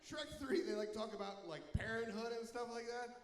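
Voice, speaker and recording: A young man performing a self-mocking stand-up comedy set, animated, breaking into loud silly voices. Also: very high voice, moderate pace. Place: comedy venue with live audience. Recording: echoey live hall with crowd.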